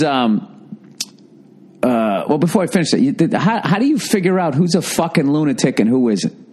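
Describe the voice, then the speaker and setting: Here a man with a high, somewhat mellow voice hosts a podcast alone. He riffs through a loose, sarcastic, foul-mouthed comedic monologue.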